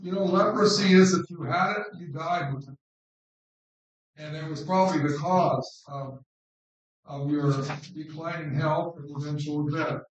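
A man preaching an informal sermon on scripture in an unhurried, conversational way, repeating words for stress. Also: on the high side, steady tone, dull audio. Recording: very echoey room, distant mic.

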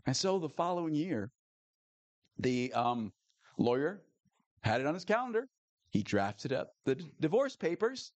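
A man preaching a sermon in an animated way, often repeating key phrases and checking in with the congregation. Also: a little high, unhurried, long pauses, dry recording. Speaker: pastor.

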